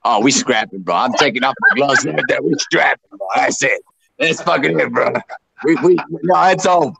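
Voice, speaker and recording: A man's voice: mid-range voice, brisk, gravelly, pushed and bright, husky, poor audio. A man in casual podcast banter, heated and blunt, repeating himself for emphasis.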